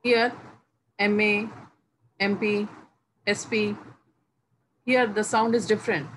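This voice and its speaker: A woman teaching English grammar, explaining each rule slowly and repeating the example words one by one with pauses between phrases. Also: mid-range voice, level tone, fairly bright tone, poor audio. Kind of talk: slow, deliberate classroom explanation. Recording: faint background noise.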